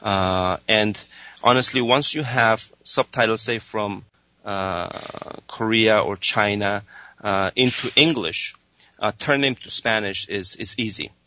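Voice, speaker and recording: A man answering interview questions about his streaming service, talking haltingly with many fillers and restarts. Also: lowish voice, sharp tone. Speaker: streaming executive guest. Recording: dull lo-fi dry sound.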